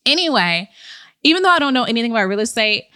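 A woman's voice: on the high side, big pitch swings, fast, sharp tone, smooth, no echo, clean studio sound. A woman hosting a comedic advice podcast, talking sassy and playful and laughing at her own jokes. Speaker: podcast host.

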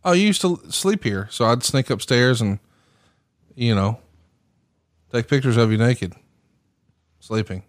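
A man's voice: medium pitch, animated, a little slow, long pauses, dry recording. Southern dude hosting a podcast, teasing his cohost, super dry close mic, voice jumps around a lot. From American South. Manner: teasing, laughs often. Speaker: podcast host. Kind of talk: casual podcast banter.

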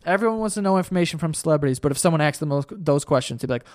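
A young man hosts a solo podcast and rants heatedly, swearing freely and turning sarcastic. His voice sits a little higher than most men's. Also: animated, rapid-fire, no echo, studio quality. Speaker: podcast host.

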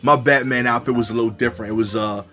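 A man's voice: mid-range voice, fairly even intonation, fast, pushed and bright, soft background music. A man, telling a funny personal story in a conversational way, full of wry asides. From New York. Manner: conversational, many "you know" fillers, wry asides.

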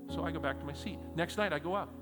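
A middle-aged man pastor preaching a sermon, telling stories with animated emphatic peaks. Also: fairly high pitch, fast talker, in a large hall, loud music behind the voice. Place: church hall.

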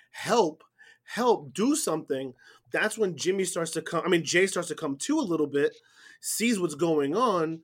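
A man with a fairly high voice talks through a wrestling match with lively, blow-by-blow storytelling. He keeps the casual feel of a podcast chat with a friend. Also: breathy edge.

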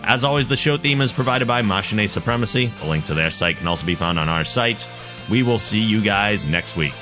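A man hosting a podcast in casual chat, talking in a relaxed, chatty way and reading out plugs and contact details. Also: lowish voice, a little fast, over music. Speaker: podcast host.

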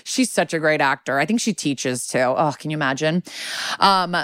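A young woman with a lowish voice talks through an episode in loose, casual chat. She swears freely and fills her sentences with "like." The sound is close and dry, with no room around it. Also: lively intonation, normal speed, fairly bright tone, no room sound. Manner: casual, sweary, many "like" fillers. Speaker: podcast co-host.

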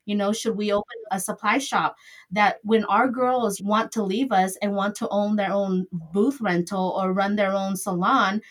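A woman's voice: mid-range voice, steady tone, moderate pace. A middle-aged woman who owns a salon, answering interview questions in a chatty, rambling way with loose grammar. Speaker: salon owner.

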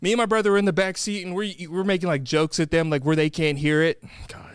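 A young man telling a funny family story on a podcast, animated, acting out his grandparents' voices. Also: on the high side, quick pace, smooth, no echo, studio quality. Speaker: podcast host. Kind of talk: casual chat.

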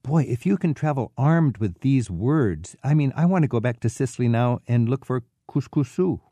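A man's voice: medium pitch, expressive, warm tone, no echo. A middle-aged man hosting a radio travel show, chatting enthusiastically with a guest and reading show links into a studio microphone. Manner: enthusiastic, conversational, quick laughs.

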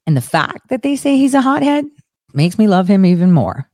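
A young woman giving a profane, sarcastic political rant in an animated, fast-shifting voice. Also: mid-range voice, dry recording, studio quality. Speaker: political commentator. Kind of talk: ranting commentary.

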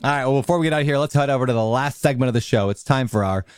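A man's voice: mid-range voice, very fast, smooth, no echo. A man co-hosting an interview show, asking questions in an upbeat, joking way. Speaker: podcast co-host. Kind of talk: casual interview chat.

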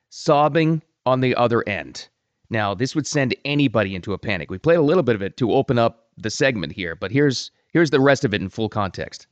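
A man hosting a podcast, talking casually and emphatically, often dropping low for weight. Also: no echo, highs cut off. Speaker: podcast host.

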